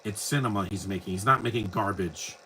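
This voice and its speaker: Male host, casual watch-along commentary, bright forceful voice, opinionated and rambling, faint noise behind. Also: fairly low pitch, fairly quick, low-quality recording.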